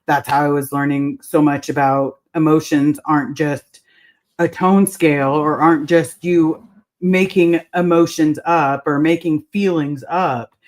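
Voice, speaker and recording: A woman's voice: low-pitched, steady tone, a little slow, darkish tone. A woman guest in a casual chat, explaining things step by step.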